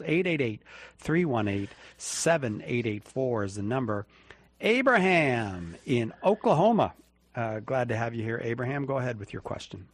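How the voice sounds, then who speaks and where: A man hosting a call-in radio show, thanking callers and reading out the phone number. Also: mid-range voice. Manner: friendly, brisk, gives out the phone number. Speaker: radio host.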